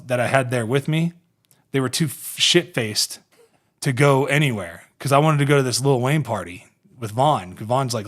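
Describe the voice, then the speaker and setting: A man in his thirties from Ohio, hosting a podcast and telling rambling, profane, laughing stories about his football career. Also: medium pitch. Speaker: podcast host and former pro football player. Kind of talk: casual podcast storytelling.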